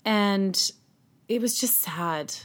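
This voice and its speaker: A mother recounting her own story as an interview guest, earnest and halting with frequent restarts. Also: medium pitch. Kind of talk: personal storytelling in conversation.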